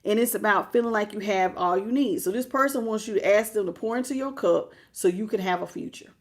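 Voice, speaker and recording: A woman giving a live tarot reading in a blunt, slangy, animated way, greeting chat viewers as she goes. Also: mid-range voice, brisk. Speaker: tarot reader.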